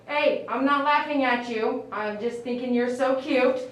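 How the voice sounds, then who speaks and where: While grooming a dog in a salon on a live stream, a woman coos at it and praises it in baby talk. Her voice is high and fairly even, and she talks slowly over faint music. She's the channel host, recorded in an echoey room by a distant mic.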